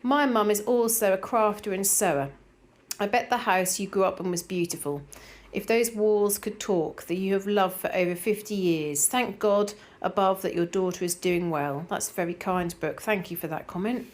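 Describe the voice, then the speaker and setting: Reading out viewer comments on her decluttering vlog, a middle-aged Norfolk-accented woman rambles in a relaxed, chatty way, dropping in plenty of fillers. Her voice sits in the mid range and moves at a moderate pace.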